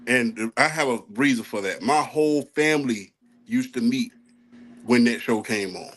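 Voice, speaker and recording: A man from the American South with a mid-pitched voice talks in a relaxed, storytelling way. It is a casual podcast chat among friends. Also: moderate pace.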